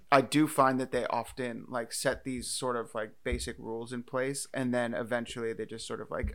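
A man's voice: medium pitch, steady tone, moderate pace, fairly bright tone. A man co-hosting a podcast, chatting loosely about films, joking and swearing as he goes. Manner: loose and jokey, swears, laughs easily. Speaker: podcast co-host. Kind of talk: casual movie discussion.

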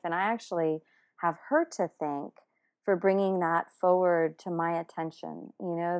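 Chatty woman telling a story. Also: fairly low pitch. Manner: animated, many fillers and restarts. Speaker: guest telling a personal story. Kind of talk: casual personal storytelling.

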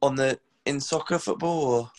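Male co-host, mid-pitched, frank and sweary football talk. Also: normal speed, darkish tone. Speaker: podcast co-host. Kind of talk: casual sports podcast chat.

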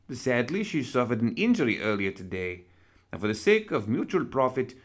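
A man voicing a genteel, pompous male professor who teaches undeath and operates as a surgeon, speaking in a courtly, excitable manner. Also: mid-range voice, voice pushed up. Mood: grandly announcing. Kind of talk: audiobook character reading.

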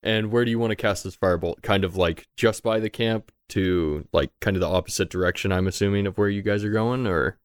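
A man's voice: fairly low pitch, fairly quick, few pauses, clear, resonant tone, no echo, studio quality. A man narrating a tabletop game as game master, in a loose, conversational way and casually swearing.

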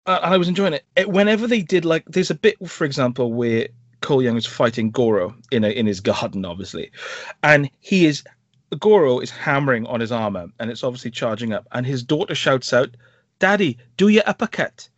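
A man's voice: mid-range voice, fairly quick, dry recording. Man, podcast co-host, casual film chat, dry close sound, slightly dull audio. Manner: animated, rambling, sarcastic asides.

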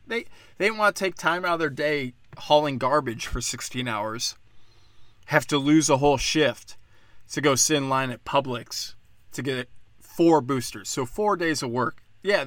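A man's voice: medium pitch, a bit bright, no echo. Profane, mocking ranting man, dry sound. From Pennsylvania. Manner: sarcastic rhetorical questions. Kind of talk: solo political rant.

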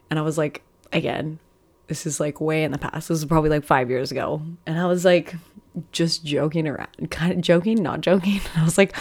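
A young woman with a low voice hosts her podcast in a loose, chatty way. She tells her dating stories frankly, swears freely and laughs often as she goes. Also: expressive, moderate pace, a little mellow. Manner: candid, profane, laughs often while telling stories. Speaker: podcast host. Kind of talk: casual storytelling monologue.

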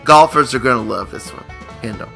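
A man's voice: mid-range voice, fairly quick, gravelly, sharp tone. Playful teasing radio guy telling jokes, faint music behind. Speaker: radio show co-host. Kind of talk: joke-telling radio banter.

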